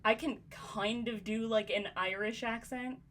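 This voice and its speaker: A woman's voice: on the high side, fairly even intonation, a little slow, a bit bright. A woman with a Southern American accent hosting a casual chat on a stream, often laughing and filling her speech with "like.". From United States. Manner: giggly, lots of "like" fillers. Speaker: host.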